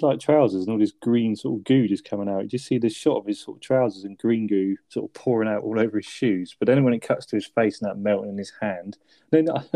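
A man's voice: lowish voice, warm tone, dry recording. A man chatting casually about a film on a podcast, laughing often and asking his co-host to agree.

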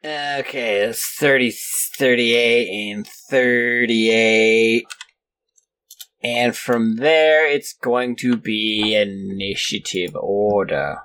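Guy running a tabletop game, slow talker, bright voice, super expressive pitch. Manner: slow, animated narration with frequent laughs. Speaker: game master.

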